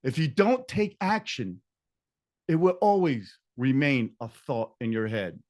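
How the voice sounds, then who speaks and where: An earnest man leads an online reading group over a video call. His voice sits at an ordinary middle pitch, and he is warmly encouraging, slowing down to repeat key questions so everyone can follow. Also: animated. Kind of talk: hosting an online book-club session.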